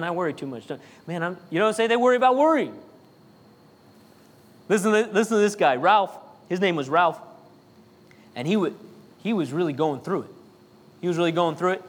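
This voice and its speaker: A man preaching a sermon, talking to the congregation in a chatty way, full of jokes and asides. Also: high-pitched. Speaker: pastor.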